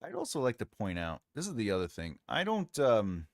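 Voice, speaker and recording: A man hosting a casual writing livestream, jokey and rambling, muttering softly to himself while he drafts. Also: on the low side, wildly swooping pitch, fairly quick, no echo, studio quality. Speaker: writer and livestream host.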